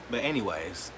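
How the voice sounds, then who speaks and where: Man ranting bluntly to camera. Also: background noise. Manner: blunt, profane and heated, heavy use of "like"; swings between quiet, hurt lows and loud, defiant outbursts. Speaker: vlogger. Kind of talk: emotional rant to camera.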